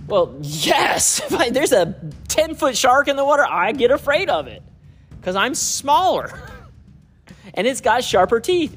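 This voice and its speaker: A man's voice: very high voice, sing-song, normal speed, a bit bright, faint music behind. A man preaching through a personal story, chuckling often as he talks. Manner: chuckles often while telling stories. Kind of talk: storytelling sermon.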